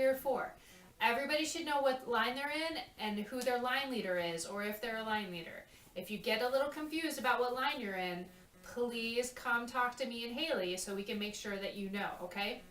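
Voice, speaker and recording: With a highish, fairly bright voice, a woman takes young performers through a dance routine, chatting and often asking "okay?". The mic sits at a distance in an echoey room.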